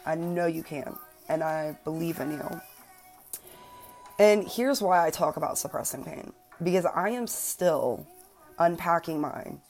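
A woman in her late twenties talks straight to her listeners in a personal self-help podcast, with a low-pitched voice. She is earnest and emphatic and swears without hesitation. Faint music plays quietly behind her. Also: a little slow. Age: 20s. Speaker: podcast host.

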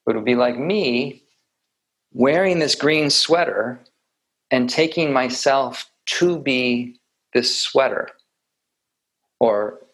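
A man giving a reflective meditation talk with light humor, often pausing and restarting his sentences. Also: mid-range voice, rough recording. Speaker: meditation teacher.

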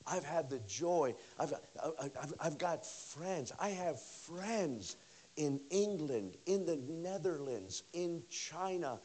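A male pastor delivers a revival sermon with a high, very animated voice that climbs and drops sharply. He talks to the congregation in a casual, conversational way, full of repeats and asides, shifting from loud bursts to hushed lines. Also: slow pace, slight background noise. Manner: conversational, with many repeats and "you know". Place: church service.

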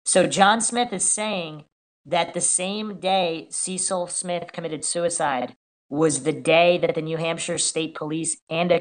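A woman with a fairly low voice hosts a casual true-crime podcast. She reads out reports and posts, then picks them apart in a skeptical, questioning way. She often puts questions to her co-host.

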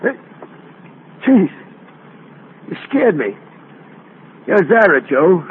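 A man's voice: high voice, big pitch swings, extremely slow, slightly rough, narrow, tinny audio, exaggerated voice. An actor playing a nervous, dim-witted male henchman who talks in street slang, in a 1940s radio drama. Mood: amazed. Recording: scratchy old radio broadcast, thin and hissy.

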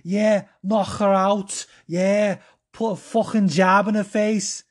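Man doing a Scouse cornerman, yelled, high-pitched, profane, frenzied cheering. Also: little pitch movement, slow. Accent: Scouse, put on. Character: hyped-up male cornerman yelling with a Scouse accent.

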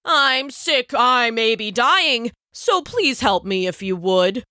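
A woman voicing a crafty old male lion king who fakes being sick, croaking and pleading in a feeble, slow storybook voice. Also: on the high side, expressive, pushed and bright, no echo, studio quality, exaggerated voice. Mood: feigning weakness.

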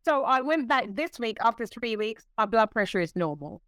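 A woman in her sixties, a guest telling stories in a casual interview, animated and laughing, acting out what others said. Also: on the high side, moderate pace, smooth, dry recording. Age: 60s. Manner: animated, laughing, acts out quoted voices.

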